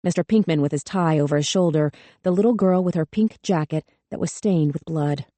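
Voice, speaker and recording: Measured, grave woman narrator with a darker tone, dry close studio sound. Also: low-pitched, warm tone, dry recording. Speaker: audiobook narrator. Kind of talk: scripted narration.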